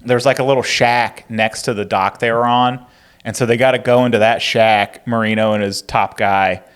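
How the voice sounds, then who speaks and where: Easygoing chuckling podcast co-host. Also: male voice, medium pitch, fairly even intonation, moderate pace, a bit bright, clear, resonant tone. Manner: easygoing, chuckling banter, lots of "like". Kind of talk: casual history podcast chat.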